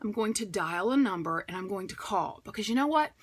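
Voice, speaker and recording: Chatty, animated woman sales coach. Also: medium pitch, brisk, breathy edge. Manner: chatty, upbeat, acts out phone calls in a bright voice. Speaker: direct sales trainer. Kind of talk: motivational sales coaching talk.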